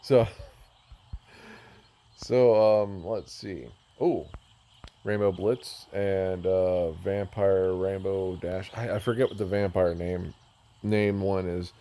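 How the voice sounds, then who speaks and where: A man's voice: deep voice, fairly even intonation, slow, warm tone. A man giving casual, rambling commentary while touring a game world, joking at himself and going off on tangents. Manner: rambling, self-mocking, easily sidetracked. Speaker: gamer touring a build.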